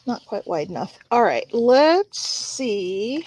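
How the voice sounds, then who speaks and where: A woman's voice: on the high side, very animated, slow, hardly any pauses, a little mellow, slight background noise. A woman from the United States hosting a crafting livestream, telling a rambling story in a casual, chatty way with many fillers while she works.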